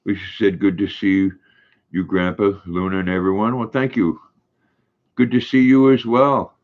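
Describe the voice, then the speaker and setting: Rich: An older man with a low voice chats his way through a home live stream, rambling from one story to the next and laughing easily. The sound is dull and lo-fi. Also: steady tone, normal speed. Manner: rambling, reads viewer comments aloud, chuckles often. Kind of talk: casual live stream chat.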